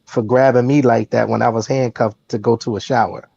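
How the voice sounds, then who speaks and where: A man's voice: medium pitch, steady tone, fairly quick, gravelly, darkish tone, breathy edge, no echo, dull audio. A man on a casual talk show making his point emphatically, often repeating words as he goes. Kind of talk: casual chat.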